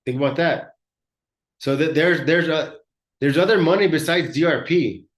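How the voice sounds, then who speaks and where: An auto body shop owner hosts a live business workshop, coaching other shop owners in a blunt, conversational way and often repeating words. His voice is fairly high, his pace moderate, and the room sounds echoey.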